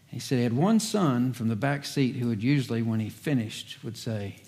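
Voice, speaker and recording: A man's voice: medium pitch, expressive, normal speed, darkish tone. Man preaching in a conversational sermon. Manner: conversational preaching with asides and humor. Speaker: pastor.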